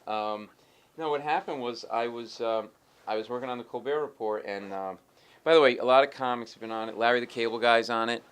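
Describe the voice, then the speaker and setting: A middle-aged man, a comedian telling animated stories in an interview and acting out the people in them. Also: medium pitch, smooth. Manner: acts out the other people in his stories, quick and lively. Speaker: stand-up comedian, interview guest.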